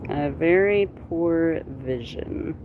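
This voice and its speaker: Streamer, woman; slow, animated casual chat over a noisy phone stream with traffic behind. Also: deep voice, phone-quality sound. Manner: chatty, animated, talks to viewers. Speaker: livestreamer.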